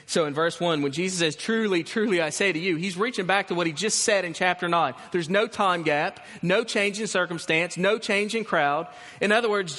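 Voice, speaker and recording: A man preaching a sermon as pastor, telling the story with animated restarts and emphasis. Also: high voice. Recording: long hall reverb.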